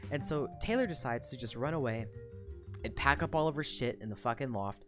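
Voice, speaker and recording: A young woman streamer retelling a book in casual chat, profane, rambling and animated. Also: very deep voice, fairly quick, soft background music.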